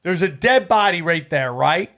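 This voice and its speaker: A man with a high, bright-sounding voice tells rowdy stories in loose podcast banter. He jumps into the voices of the people he describes, loud and lively. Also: moderate pace. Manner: animated, acts out voices in stories. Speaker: comedian, podcast co-host. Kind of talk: casual storytelling chat.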